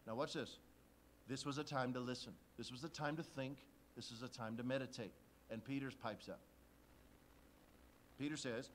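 A man's voice: medium pitch, fairly quick, fairly bright tone, slight background noise, low-quality recording. A male pastor preaching a sermon at a conference, telling stories, acting out quoted voices and reading scripture in old-style wording. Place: church conference hall.

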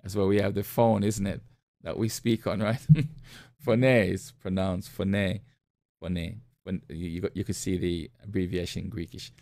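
A man's voice: low voice, fairly even intonation, moderate pace, vocal fry, dark tone, dry recording. A man pastor preaching a sermon, reading scripture aloud and asking the listeners rhetorical questions.

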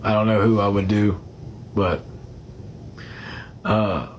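A man's voice: fairly low pitch, steady tone, slow pace, slight background noise. A man chatting casually on a phone livestream. He rambles, fills the gaps with "uh", and greets viewers by name.

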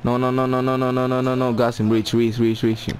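A young man providing excited commentary over his own football video game, calling out players' names and cheering or groaning at each play. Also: medium pitch, fast, a little hiss or hum. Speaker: gaming YouTuber.

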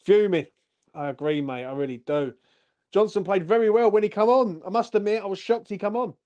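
A man's voice: high-pitched, quick pace, a little mellow, dull audio. A man hosting a fan channel, ranting bluntly and furiously after a match with constant swearing. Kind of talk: angry post-match livestream rant.

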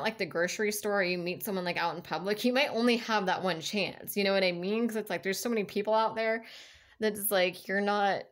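A woman giving a casual tarot reading, chatty and encouraging, rambling with lots of fillers and restarts. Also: mid-range voice. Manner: chatty and encouraging, laughs between thoughts. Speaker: tarot card reader.

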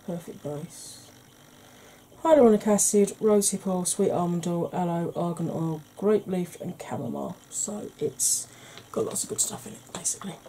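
A woman talks through an ASMR makeup tutorial in a soft, mellow voice, close to the mic. She is tired from lack of sleep. She chats and rambles with dry, self-mocking humour. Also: fairly low pitch, a little hiss or hum, low-quality recording. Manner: chatty, rambling, wry humour. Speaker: beauty channel host.

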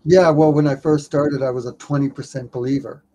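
A man who is a documentary filmmaker, telling a story in an interview with lively stammers and repeated words. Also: medium pitch, fairly quick.

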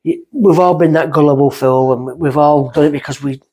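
Husky woman telling lively stories. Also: low voice, brisk. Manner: lively, self-mocking storyteller who acts out quotes. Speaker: medium, podcast guest. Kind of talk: casual storytelling chat.

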